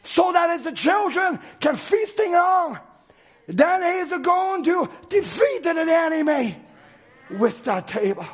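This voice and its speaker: A male preacher giving a dramatic sermon, swinging from shouts to hushed lines, on a dull lo-fi recording. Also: extremely high pitch, sing-song, takes it slowly.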